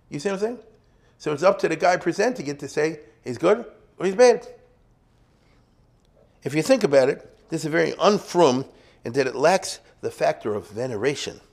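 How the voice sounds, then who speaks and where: A man lecturing in a loose, conversational way, his pitch swinging widely as he talks. He keeps checking in with his listeners and asks them rhetorical questions. His voice sits at an ordinary middle pitch. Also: darkish tone. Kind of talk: informal lecture.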